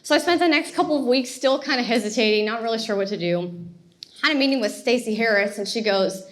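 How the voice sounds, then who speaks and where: Animated woman telling a story. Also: on the high side, fast talker. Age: 30s. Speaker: speaker. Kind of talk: motivational talk.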